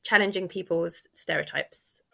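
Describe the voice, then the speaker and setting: A woman's voice: fairly low pitch, normal speed, creaky, fairly bright tone. A young woman, a stand-up comedian chatting in an interview and laughing through her stories. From United Kingdom. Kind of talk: casual interview, with comic set excerpts.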